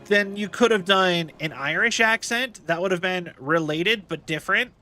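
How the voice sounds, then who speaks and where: A man's voice: high-pitched, moderate pace, sharp tone. A man streaming a game, chatting casually and rambling as he thinks aloud. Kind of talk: casual live gameplay commentary.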